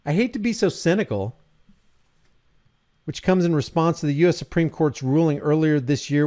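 A man's voice: fairly high pitch, dark tone. A man from New Jersey reading news aloud and mocking it in a sarcastic, heated commentary. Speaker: political commentary host. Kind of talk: reading and ranting about news.

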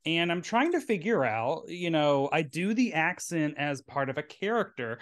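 A man's voice: on the high side, very animated, normal speed. A man from Tennessee with a Southern accent, hosting a casual podcast chat in his drag queen persona, playful and chatty. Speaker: podcast host.

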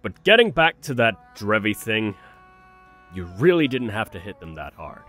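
A man's voice: on the low side, very animated, normal speed, a bit bright, faint music behind. A man playing an eager young inventor pleading for his idea, in a fan audio drama.

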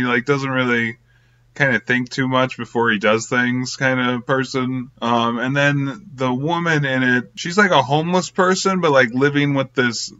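A man's voice: mid-range voice, bright, forceful tone. A young man casually reviewing an old film, rambling with lots of fillers and little laughs. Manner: rambling, filler-heavy, giggly. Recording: slightly muffled lo-fi audio.

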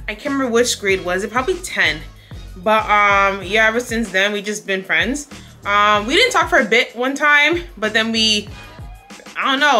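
A young woman from Canada answers viewer questions in a loose, animated vlog chat, laughing often. Her voice is bright and sits a little high. Faint music plays underneath. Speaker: vlogger.

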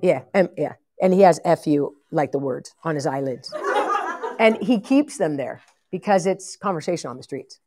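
A woman preacher telling a long story in a sermon, animated, acting out the voices of the people in it and often laughing. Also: deep voice, moderate pace, a crowd in the background. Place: conference hall.

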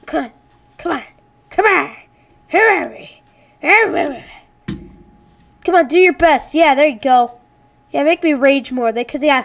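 A woman's voice: high voice, unhurried, pauses often. A woman playing a frustrating game on camera, exclaiming and muttering at it. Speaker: let's play gamer.

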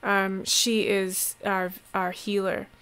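A woman voicing a weary, put-upon male village mayor who talks flatly and quietly, his patience strained. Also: mid-range voice, takes it slowly, smooth.

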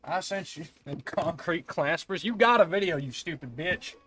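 A man's voice: on the high side, expressive, moderate pace, fairly bright tone, faint music behind. A young man streaming a game, joking crudely and laughing often in casual chat.

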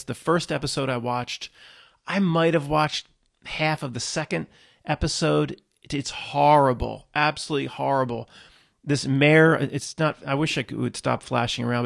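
A man hosting his own channel, talking casually and rambling to viewers, restarting often and jumping from low mutters to loud emphatic bursts. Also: creaky. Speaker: YouTube channel host.

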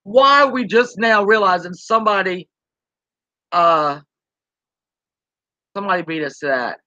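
A woman's voice: mid-range voice, measured pace, bright, forceful tone, no room sound, dull audio. Blunt profane woman ranting. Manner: profane, blunt, reads chat aloud. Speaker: YouTube commentary host. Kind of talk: ranting live-stream commentary.

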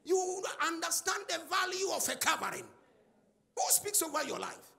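A man preaching a sermon in call-and-response style, shouting and chanting phrases to the congregation. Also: very high-pitched, sing-song, moderate pace, gravelly.

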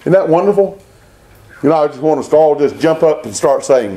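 A pastor preaching a Baptist sermon, rising into emphatic bursts and reading scripture aloud. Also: male voice, a little high, expressive, fairly quick, dark tone.

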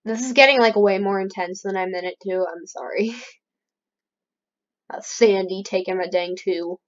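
A woman's voice: medium pitch, normal speed. A young woman giving casual gameplay commentary as a let's play host, chatty and playfully mock-outraged at her opponents. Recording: slightly dull lo-fi recording.

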